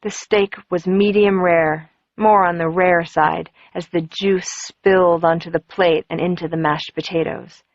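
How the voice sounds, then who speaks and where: A woman reading a first-person audiobook in a measured storytelling manner. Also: fairly low pitch, fairly even intonation, dry recording, dull audio. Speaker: audiobook narrator.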